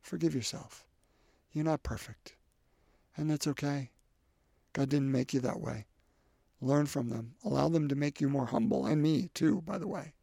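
Gravelly-voiced man preaching a homily. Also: a little high, moderate pace, long pauses, no room sound, clean studio sound. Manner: conversational, restarts often, swells louder when quoting scripture.

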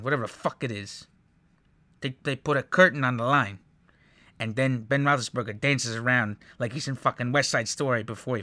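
Guy cursing his way thru football clips, bright sharp voice, dry close sound. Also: medium pitch, no echo. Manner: profane, exasperated, ranting. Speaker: sports commentator reacting to highlights. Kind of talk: profane casual football highlight breakdown.

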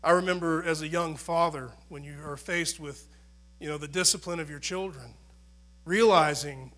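A middle-aged man preaching a sermon as a pastor, conversational and earnest, swinging between loud emphasis and quiet asides. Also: on the high side, fairly even intonation, moderate pace.

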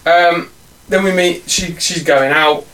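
A man's voice: fairly high pitch, steady tone, slow pace, bright, forceful tone, a little hiss or hum, low-quality recording. A man hosting a casual podcast, bossy and exasperated, swearing as he tries to keep his co-hosts on track. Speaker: podcast host.

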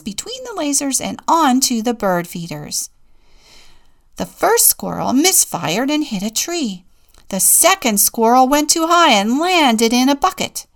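Expressive woman deacon reading a storybook. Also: fairly high pitch. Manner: expressive, playful storytelling with whispered asides. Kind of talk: reading a picture book aloud.

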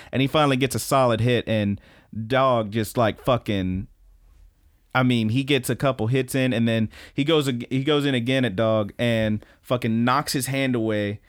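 A young man co-hosting a podcast, recapping an anime fight in a casual, animated play-by-play full of swearing. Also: medium pitch. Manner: animated, profane play-by-play storytelling. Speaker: podcast co-host.

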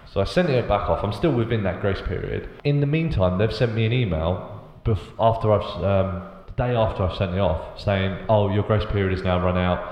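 A man with a fairly low voice rants in an exasperated, sweary way during a casual podcast chat. The recording is dull and lo-fi. His voice echoes around a reverberant room. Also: expressive, a little fast, hardly any pauses. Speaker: podcast host.

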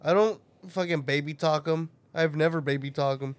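A man in his thirties who tells animated, laughing stories and swears freely in casual chat. His voice sits a little higher than most men's. The sound is close and dry. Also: normal speed, clean tone, dry recording. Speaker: podcast co-host.

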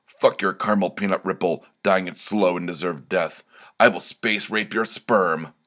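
A man playing a sneering mad-scientist villain in a spoken storybook, misanthropic and menacing, low and slow, spitting contempt at everyone around him. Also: fairly even intonation, a bit bright. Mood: gloating.

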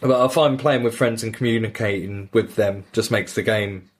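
A man's voice: lowish voice, moderate pace, husky. A man, co-hosting a casual gaming podcast, telling crude jokes and swearing freely. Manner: crude, joking storyteller who swears freely; acts out game dialogue in quoted voices. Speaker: podcast co-host. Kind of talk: casual chat.

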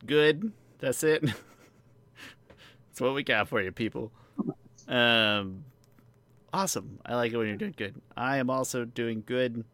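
A man's voice: mid-range voice, slow, pauses often, a bit bright, no echo. A man hosting a casual podcast chat, rambling and joking with his co-host. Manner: rambling, joking, self-deprecating asides.

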